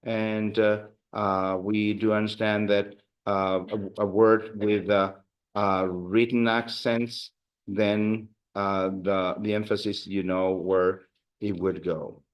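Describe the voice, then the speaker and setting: A man's voice: fairly low pitch, flat delivery, slow, highs cut off. A man teaching a Spanish class, explaining grammar and leading drills, with many fillers and restarts. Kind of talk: classroom language lesson.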